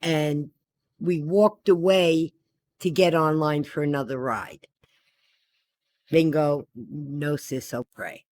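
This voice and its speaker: A woman's voice: deep voice, slow pace, pauses often, darkish tone. An older woman, the host's mother, telling a meandering family anecdote in a casual way. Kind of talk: casual storytelling.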